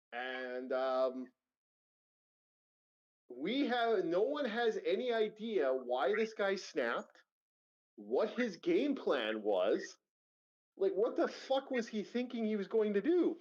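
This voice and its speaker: A man's voice: a little high, a bit bright. A man on a livestream, casually retelling a wild story with profanity, rambling asides and laughter. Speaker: streamer co-host. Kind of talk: casual stream chat retelling a news story. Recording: lo-fi muffled stream audio.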